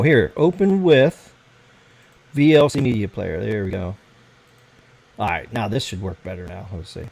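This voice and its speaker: A man's voice: medium pitch, gravelly, a little mellow, rough recording. An American man hosting a casual late-night livestream, rambling and swearing as he fiddles with his computer. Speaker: livestream host.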